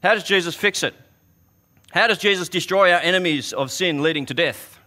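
A man's voice: high-pitched, brisk, sharp tone. A man preaching a sermon, earnest and conversational, often restarting his words as he tells a story.

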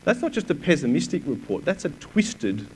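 A man's voice: on the high side, very animated, normal speed, darkish tone, slight background noise, low-quality recording. A man preaching a sermon, reading scripture aloud with emphasis and putting rhetorical questions to his listeners.

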